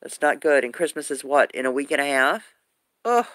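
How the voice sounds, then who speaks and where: A woman's voice: a bass voice, animated, normal speed, a bit bright, dry recording. A woman vlogger talking to her viewers in a casual, rambling livestream chat, speaking in an affectionate way.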